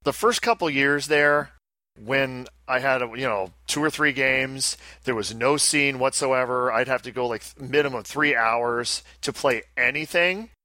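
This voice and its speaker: Man, casual podcast host, bright tone, dry close recording, rambling and chatty. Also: mid-range voice, measured pace, no room sound. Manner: rambling, self-interrupting, chatty. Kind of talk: casual chat.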